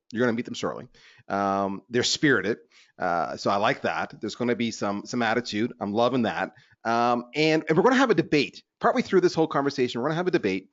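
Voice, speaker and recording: A man hosts a business webinar. His pitch rises and falls a lot, and he talks in a lively, chatty, self-deprecating way. The sound is dull and lo-fi. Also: dry recording. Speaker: webinar host.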